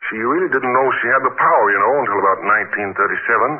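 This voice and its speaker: An actor playing an effusive old-fashioned society gentleman who believes in a medium, in 1940s radio acting style, theatrical and gushing. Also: lowish voice, animated, racing, breathy edge. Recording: tinny old radio broadcast recording.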